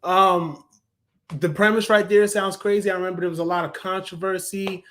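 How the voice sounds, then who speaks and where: A man's voice: sits high, steady tone, normal speed, fairly bright tone, slight background noise. A young adult man giving a casual, enthusiastic spoken review of a cartoon, chatty, with frequent fillers and self-corrections.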